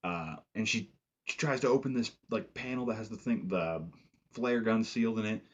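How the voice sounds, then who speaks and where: A man's voice: fairly low pitch, moderate pace. A man giving a casual, rambling, profane film review full of "like" fillers, recorded with dull lo-fi sound. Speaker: movie reviewer.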